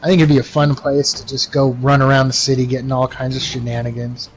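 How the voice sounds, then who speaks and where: On a rough recording with slight background noise, a young livestreamer from the US talks fast in a level, mid-range voice. He chats casually while gaming, wandering off with many fillers and restarts.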